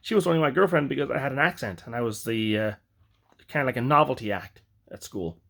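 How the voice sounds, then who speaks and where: A man's voice: medium pitch, gravelly, a bit bright. Rambling, reflective man telling his story. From Ireland. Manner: rambling, reflective, halting with self-corrections. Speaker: vlogger. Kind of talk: personal storytelling.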